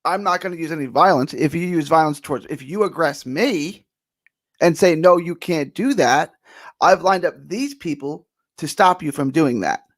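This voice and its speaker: A man's voice: fairly high pitch, normal speed. A man arguing his side in a podcast debate, casual and repetitive. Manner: casual, argues his side with repeated phrases. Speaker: debate guest. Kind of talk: political debate.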